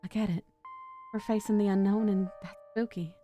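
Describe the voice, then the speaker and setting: A woman's voice: mid-range voice, fairly even intonation, normal speed, dark tone, soft background music, close to an everyday voice. A woman voicing a friendly, encouraging young woman who loves cryptids, read aloud from a game. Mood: coaxing.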